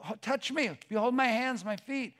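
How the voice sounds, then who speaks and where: A man preaching, acting out the risen Jesus as gentle and amused, coaxing his followers. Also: very high-pitched, moderate pace, pitched above the performer's own voice.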